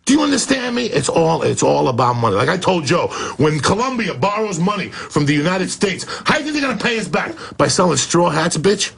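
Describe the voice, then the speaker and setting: Gravelly, shouting foul-mouthed man. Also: on the high side, big pitch swings, a little fast, few pauses. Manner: loud, swearing, bursts into shouts and laughter. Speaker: comedian guest on a talk show. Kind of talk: profane ranting storytelling.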